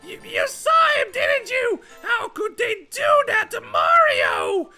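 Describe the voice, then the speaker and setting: A frantic little mushroom man cries out in a squeaky, very high shout. His voice is bright and piercing, with faint game music behind. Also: animated, slow, full character voice. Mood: panicked.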